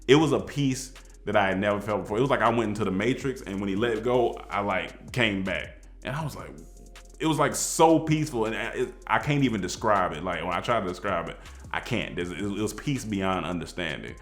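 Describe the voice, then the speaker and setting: A man telling a personal story in a casual, animated way, acting out the people in it. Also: lowish voice, a little fast, soft background music. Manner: animated, excitable storytelling with voiced quotes.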